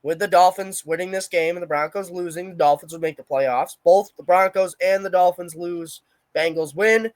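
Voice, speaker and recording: A young man with a notably high voice co-hosts a casual sports podcast. He talks brashly and opinionatedly, happy to trash-talk. The sound is dry and close, with no room in it. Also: normal speed, no echo. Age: young adult. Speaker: podcast co-host.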